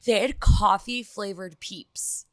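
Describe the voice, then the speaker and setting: Bright-voiced chatty woman in her thirties. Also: mid-range voice, steady tone, slow pace, no echo, clean studio sound. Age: 30s. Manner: chatty, lots of "like". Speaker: co-host. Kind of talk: casual podcast chat.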